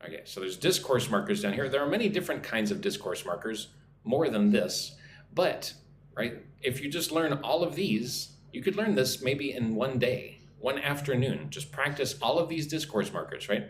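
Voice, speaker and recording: This is a medium-pitched, expressive male voice at a moderate pace, an American teaching English live. He frequently tags on "right?" and reads out comments from viewers, recorded in an echoey space with slight background noise.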